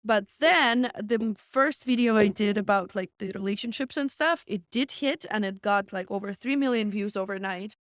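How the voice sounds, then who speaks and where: A woman's voice: mid-range voice, moderate pace, hardly any pauses, no room sound, studio quality. A young woman, a comedian guest telling stories in a casual interview and filling her talk with "like.". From Russia. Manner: chatty, frequent "like", laughs often.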